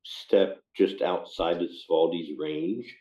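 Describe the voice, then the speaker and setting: A man's voice: sits low, steady tone, slow, darkish tone. A man playing a tabletop game, answering briefly in casual talk. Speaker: player. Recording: dull echoey call audio.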